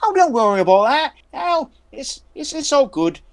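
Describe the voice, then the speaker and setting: A man voicing an eerie little boy who wants to play war, in a shrill, sing-song falsetto. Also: big pitch swings, moderate pace, heavily acted. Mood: dismissive. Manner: sing-song, childish, insistent.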